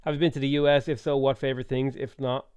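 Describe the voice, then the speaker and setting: A man's voice: medium pitch, little pitch movement, fast, a little mellow, smooth, no room sound. A man in his late twenties with a Dublin Irish accent chatting casually on a live stream while gaming, rambling, reading chat aloud and musing over game options. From Ireland.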